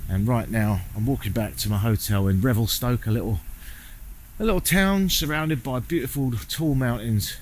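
A man's voice: mid-range voice, normal speed. Wry British man vlogging outdoors. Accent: British English. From Britain. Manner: chatty, wry, swearing, earnest. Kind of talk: walking vlog monologue. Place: outdoors in a small mountain town.

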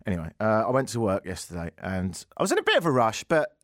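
Sarcastic British radio host, very lively. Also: male voice, on the low side, quick pace, no room sound, studio quality. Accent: British English. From Britain. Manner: sarcastic, animated, mock-outraged rants. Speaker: radio talk show host. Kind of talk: comedic radio monologue. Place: radio studio. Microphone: studio microphone.

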